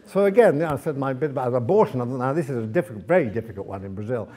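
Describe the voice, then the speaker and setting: A man speaking as a guest author at a library event, telling lively travel anecdotes to an audience, with many fillers and restarts. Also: medium pitch, rapid-fire. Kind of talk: anecdotal talk to a live audience.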